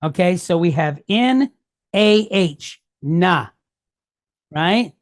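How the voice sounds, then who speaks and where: Speaking slowly and in an animated way, a woman with a lowish voice teaches Hebrew reading from a worksheet. She patiently explains every mark and keeps checking understanding with "okay?" and "right?"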